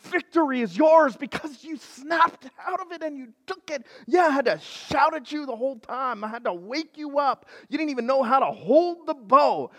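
A preacher acting out a dying old prophet who urges a reluctant king on, in a raised, pushing, higher voice. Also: expressive, normal speed, hardly any pauses, long reverb tail. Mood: exhorting.

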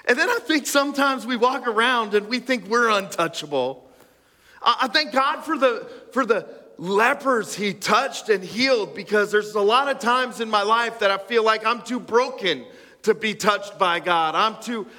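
A man's voice: sits high, animated, moderate pace, sharp tone, in a large hall. A man preaching a sermon as a pastor, talking conversationally with self-deprecating asides and stammered restarts.

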